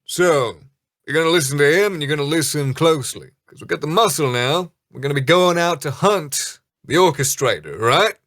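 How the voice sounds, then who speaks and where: Man doing a loud jovial Flagonfoot. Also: medium pitch, animated, a little slow, no room sound, studio quality. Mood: boisterous. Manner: loud, jovial, rambling, hesitant. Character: boisterous older male ship captain.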